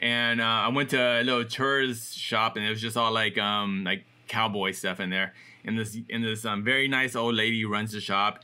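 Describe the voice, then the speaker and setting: A man's voice: lowish voice, level tone, moderate pace, hardly any pauses, bright, forceful tone, clean tone. A man co-hosting a podcast, telling stories in a rambling way full of fillers. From Los Angeles. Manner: rambling, filler-heavy storytelling. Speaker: podcast co-host. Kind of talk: casual chat.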